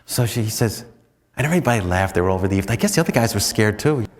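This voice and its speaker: An American man, a priest, telling stories in a chatty, self-mocking retreat talk full of "you know"s, and often breaking into animated high swoops. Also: quick pace, big-room sound. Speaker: priest giving a spiritual talk.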